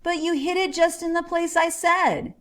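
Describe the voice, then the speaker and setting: A woman's voice: very high voice, fairly even intonation, moderate pace, voice pushed up. A woman voicing a curious, earnest young boy who asks eager questions.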